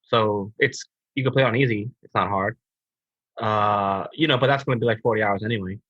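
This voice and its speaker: A man co-hosting a gaming podcast, relaxed and laid-back, talking with a sore throat. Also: on the low side, a little fast, husky, no room sound, lo-fi sound. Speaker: podcast co-host. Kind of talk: casual chat.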